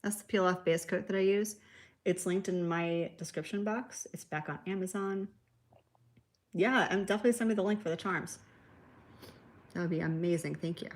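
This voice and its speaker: On a nail art livestream, the host speaks at a moderate pace in a voice on the low side, pausing often. Her tutorial is casual and chatty, with easy laughter and answers to viewer comments.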